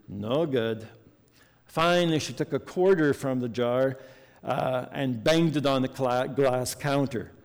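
A man's voice: mid-range voice, a little mellow. A man preaching a sermon earnestly and reading a story to his congregation. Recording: long hall reverb.

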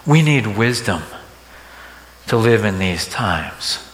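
A man's voice: on the low side, expressive, takes it slowly, fairly bright tone. A man preaching a sermon, talking to the congregation in a conversational way and often checking in with rhetorical questions. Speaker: pastor. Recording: echoey hall reverb.

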